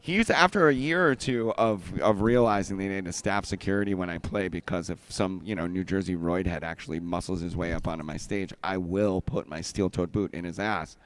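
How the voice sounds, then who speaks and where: A man hosting a casual show, trading crude jokes and loud bursts with his guest. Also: deep voice, brisk, hardly any pauses, slight background noise. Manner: loud, joking, bursts into shouts. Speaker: podcast host.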